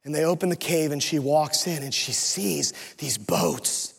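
Male pastor, high voice, heartfelt storytelling sermon in a reverberant church hall. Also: lively intonation, measured pace, gravelly, breathy edge. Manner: emotional, earnest storytelling. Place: church sanctuary.

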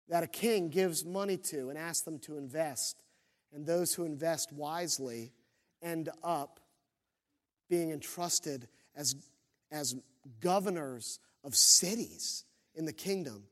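A man preaching a sermon as pastor, telling the story with lively, acted-out quotes. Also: on the high side. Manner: animated storytelling, acts out quoted voices.

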